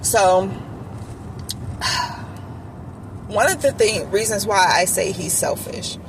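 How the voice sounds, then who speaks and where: A woman's voice: mid-range voice, expressive, extremely slow, noisy background. A woman telling a candid personal story in a chatty vlog style, with lots of "like" and "you feel me". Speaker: vlogger telling a relationship story.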